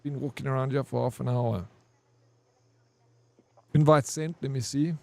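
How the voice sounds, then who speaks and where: A man's voice: mid-range voice, steady tone, moderate pace, vocal fry, a little mellow, dry recording. A man streaming a game, telling a long, rambling anecdote with plenty of swearing and "bro". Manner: rambling, profane, says "bro" a lot. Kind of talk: casual storytelling over gameplay.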